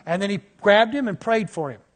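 A man in his fifties preaching a sermon, telling stories in a lively way. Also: high-pitched, fairly quick. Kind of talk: sermon storytelling.

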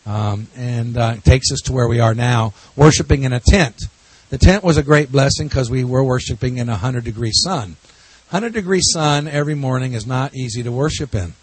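A husky-voiced man stands before a congregation and talks as a pastor. His delivery is folksy and loose, full of jokes and stories. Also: medium pitch, normal speed, few pauses. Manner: folksy, jokey storytelling with laughs. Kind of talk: church talk to a congregation.

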